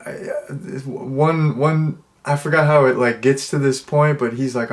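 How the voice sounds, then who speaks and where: Young male reviewer, casual and rambling, average pitch, filler-heavy delivery. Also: fairly even intonation, unhurried. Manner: rambling, full of "like" and restarts. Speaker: movie reviewer.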